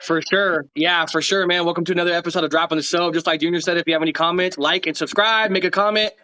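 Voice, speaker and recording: A man's voice: on the high side, fairly even intonation, quick pace, bright, forceful tone. A man co-hosting a casual chat show, laid-back and affirming, dropping "man" and "bro". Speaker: podcast co-host.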